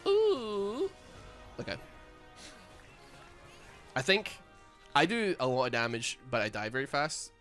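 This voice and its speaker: A young Scottish man with a light accent, chatting casually while streaming a game. He rambles, then breaks into excited yells. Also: mid-range voice, a little slow, pauses often, faint music behind. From Scotland. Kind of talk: casual gaming stream chat.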